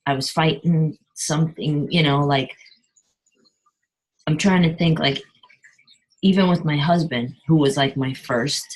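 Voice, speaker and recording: A middle-aged woman caller sharing on a video call, speaking haltingly and clearing her throat often, heard over poor call audio. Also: sits low. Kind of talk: personal sharing on a group call.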